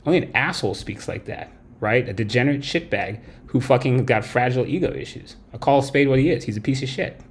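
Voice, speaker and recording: Brief: male livestream host, mid-pitched, profane and blunt, ranting to his chat. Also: fast, a little hiss or hum. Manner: blunt, heavy swearing, tags lines with "right?". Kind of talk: profane late-night stream rant.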